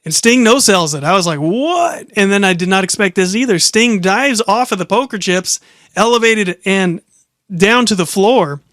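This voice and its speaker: A man's voice: high-pitched, moderate pace, fairly bright tone, no room sound, studio quality. A young man casually recapping and giving opinionated commentary, rambling with frequent restarts. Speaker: wrestling show reviewer.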